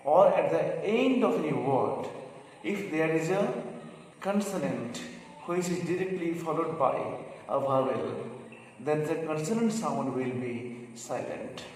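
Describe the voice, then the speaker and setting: A man with a fairly high voice gives an English pronunciation lesson, taking each word slowly and deliberately. He sounds far from the mic in a very echoey room with a long reverb, with faint noise behind him. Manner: slow, deliberate word-by-word explaining. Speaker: English teacher.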